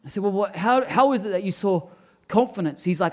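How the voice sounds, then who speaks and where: Aussie pastor guy in his 30s, high voice, lively storytelling sermon. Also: brisk. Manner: animated storytelling with quoted dialogue and laughter. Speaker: lead pastor.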